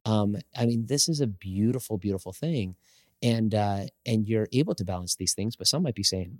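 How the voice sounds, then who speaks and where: A man hosting a conversational podcast in an effusive, emphatic way, heaping encouragement on his guests. His voice sits a little low, and the recording is dry and close. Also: expressive, moderate pace, dry recording. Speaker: podcast host. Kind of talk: conversational interview.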